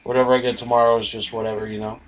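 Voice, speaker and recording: A man chats in a relaxed, hesitant way, stopping often with fillers and restarts. His voice sits at a medium pitch, with faint noise behind it. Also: very fast. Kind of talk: casual chat.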